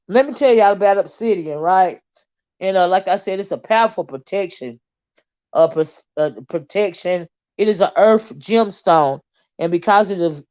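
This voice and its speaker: A woman's voice: lowish voice, a little mellow, highs cut off. A woman with a Southern American accent, hosting a casual livestream and chatting loosely with lots of fillers and restarts. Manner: rambling, many fillers and restarts, Southern Black American vernacular turns. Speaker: livestream host reading comments.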